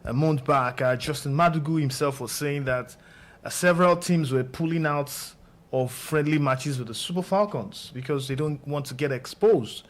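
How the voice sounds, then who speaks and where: A man's voice: fairly high pitch, moderate pace. A man from Nigeria giving football commentary on a live watch-along, hesitant, with many filler sounds. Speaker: football pundit.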